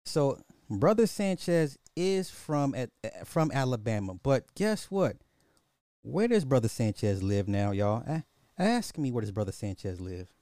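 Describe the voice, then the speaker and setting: A man's voice: mid-range voice, very animated, a little slow, dark tone, dry recording, clean studio sound. Mocking man ranting on a podcast. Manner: repeats rhetorical questions, mocking and chuckling. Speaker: podcast host. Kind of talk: casual social commentary monologue.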